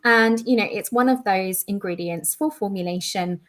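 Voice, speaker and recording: A woman's voice: medium pitch, moderate pace. A woman co-hosting a live online quiz, explaining in a chatty way with lots of "you know" and "sort of". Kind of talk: casual live-stream chat.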